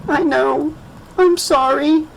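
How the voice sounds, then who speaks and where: A man's voice: extremely high pitch, fairly even intonation, takes it slowly, gravelly, a little hiss or hum, voice pushed up, full character voice, rough recording. A man voicing a frightened, tearful little girl in an audiobook, small and shaky. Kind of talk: audiobook character voice.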